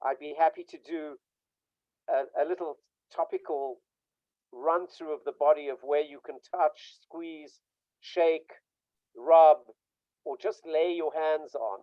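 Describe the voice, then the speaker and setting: A man's voice: fairly high pitch, no echo, muffled recording. A man giving an informal online talk about burnout, telling emphatic stories and acting out the dialogue he quotes. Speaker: workshop speaker on burnout.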